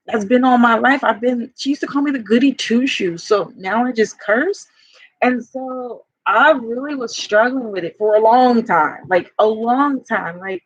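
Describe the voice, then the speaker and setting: A woman's voice: a little high, fairly bright tone, no echo. A woman life coach in a personal vlog, talking in a confessional, rambling way full of fillers. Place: home by a fire. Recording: dull lo-fi sound.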